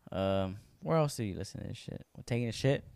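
A young man co-hosting a podcast, chatting casually in an animated, emphatic way and swearing freely. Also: on the low side, fast talker, vocal fry, smooth, no room sound, studio quality. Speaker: podcast co-host. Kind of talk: casual chat.

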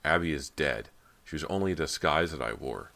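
A man's voice: rumbling low, expressive, fairly quick, gravelly, sharp tone, heavily acted. A man voicing a cruel, lonely ghost girl in a horror audiobook, cold and menacing.

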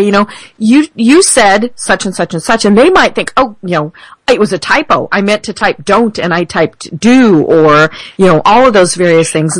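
A woman's voice: mid-range voice, dry recording, poor audio. A woman hosting a podcast interview, agreeable and chatty, affirming her guest often. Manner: lively, agreeable, frequent affirmations. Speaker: podcast host.

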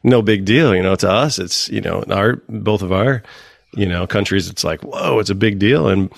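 Gravelly-voiced man, casual podcast storyteller, dry close sound, lots of fillers. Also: fairly low pitch, moderate pace, dry recording. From United States. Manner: rambling storyteller, swears a lot, heavy fillers.

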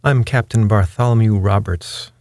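A man's voice: fairly low pitch, moderate pace, no echo, close to an everyday voice. A man reading a story aloud, voicing a genteel, unruffled pirate captain. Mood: cool, courtly. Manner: polite, unruffled, gentlemanly.

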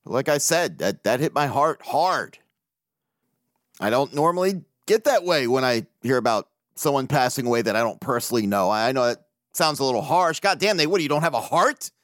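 A man hosting a casual solo podcast, swearing freely, animated and laughing often as he talks. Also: mid-range voice, normal speed, dry recording, clean studio sound. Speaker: podcast host.

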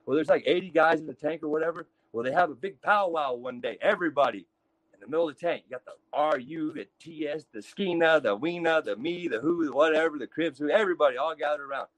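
A man with a high-pitched voice from Texas spins rough prison stories, swearing freely and acting out each character. The sound is dry and close, with no room around it. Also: fast talker, no room sound. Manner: profane, animated storyteller acting out other inmates. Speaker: guest telling prison stories. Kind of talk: casual storytelling.

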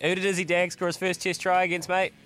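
A man hosting breakfast radio, energetic, teasing and laughing with callers. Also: high-pitched, quick pace, faint music behind. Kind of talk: casual radio banter.

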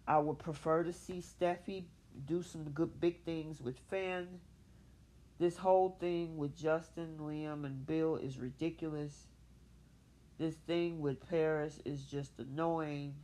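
A woman's voice: low voice, slow. A woman hosting a soap opera recap show solo, talking animatedly and opinionatedly, with a casual style. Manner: animated, opinionated, speaks for characters in her own voice. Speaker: podcast host.

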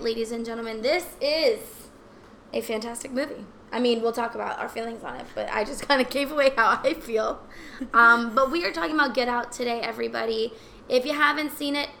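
A woman's voice: on the high side, creaky, sharp tone, slight background noise. A young adult woman hosting a podcast in a playful, chatty, joking way. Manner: playful, jokey, loose and chatty. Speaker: podcast host. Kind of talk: casual chat.

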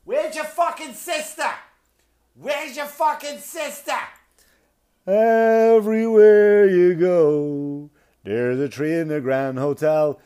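A man voicing a furious South Boston mother yelling at her kids in a Boston accent, scolding and swearing. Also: takes it slowly, full character voice. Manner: profane, shrill, scolding.

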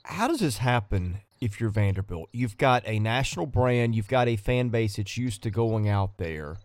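A man's voice: lowish voice, animated, moderate pace, dry recording. Man asking pointed questions, dry sound. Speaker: podcast host. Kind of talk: casual podcast chat.

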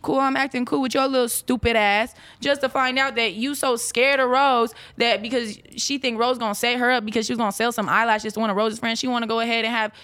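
Twenty-something woman going off, cussing nonstop, talks super fast, kinda high voice. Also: fairly even intonation, fairly bright tone. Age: 20s. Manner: brash, profane, rapid-fire venting. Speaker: guest, former reality show cast member. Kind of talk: casual chat, ranting.

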